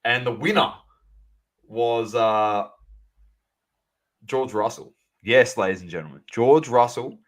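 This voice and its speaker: A man co-hosting a sports podcast, chatting casually and animatedly, calling out to the audience as ladies and gentlemen. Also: medium pitch, slow pace, long pauses. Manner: animated, banter-heavy, addresses listeners as ladies and gentlemen. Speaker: podcast co-host.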